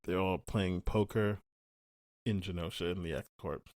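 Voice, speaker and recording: A man's voice: sits low, unhurried, dry recording. A man co-hosting a podcast, chatting casually through a spoiler review and acting out characters' lines. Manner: rambling, acts out quotes in animated voices. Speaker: podcast co-host.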